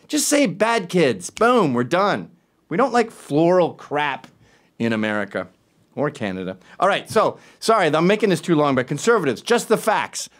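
Sarcastic man ranting with lively pitch. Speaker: host. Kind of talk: opinion commentary.

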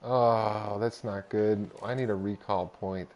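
A man's voice: on the low side, fairly even intonation, takes it slowly, a little mellow. A man streaming a space exploration game, chatting casually with a friend and his viewers. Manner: chatty, upbeat, talks to chat while playing. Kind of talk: casual live-stream chat.

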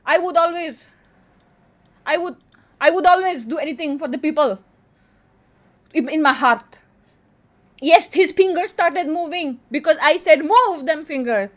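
A woman's voice: high-pitched, a little slow, long pauses. A woman with an Indian accent, chatting casually on a livestream, playful and boastful as she reads quiz statements aloud and answers them. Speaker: streamer.

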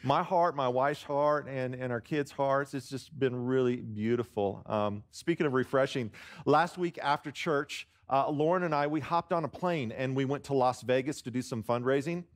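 A man's voice: mid-range voice, moderate pace. A man speaking as a guest pastor in a church, joking with the congregation and drawing answers from them, often restarting his sentences. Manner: jokey, warm-hearted, self-deprecating, lots of restarts. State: choked up near tears. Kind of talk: sermon with congregation call-and-response. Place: church sanctuary.

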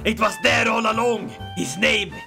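A man giving playful, excitable let's play commentary as a gaming video creator, joking and laughing often. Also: sits high, measured pace, gravelly, over music.

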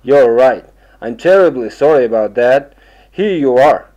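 A man's voice: mid-range voice, lively intonation, a little slow, dark tone, close to an everyday voice, rough recording. A man voicing a friendly young man at an airport in a textbook audio dialogue, talking casually and apologetically.

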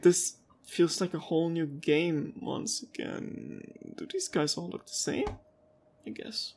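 A woman's voice: low-pitched, animated, unhurried, creaky, a little mellow, husky. A woman commenting casually while playing a video game, wondering aloud and chatting. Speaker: gaming youtuber. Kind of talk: casual let's-play commentary.

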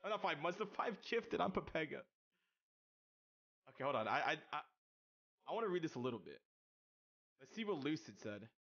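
Excitable young male streamer with a slight stutter. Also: a little high, brisk, long pauses, slightly rough, muffled recording. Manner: excitable, loud outbursts and swearing; stutters and restarts. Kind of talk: casual live-stream chat, reading viewer messages.

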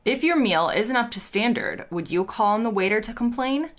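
An American woman, a vlogger, chatting casually and playfully as she reads quiz questions aloud and thinks out loud. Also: on the high side, animated, normal speed. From United States.

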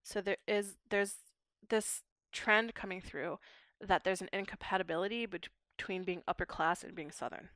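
A woman's voice: medium pitch, steady tone, moderate pace, fairly bright tone, dry recording, clean studio sound. A young woman from Pittsburgh, a linguistics PhD student explaining her research in a podcast interview, articulate and academic. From Pittsburgh, USA. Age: young adult.

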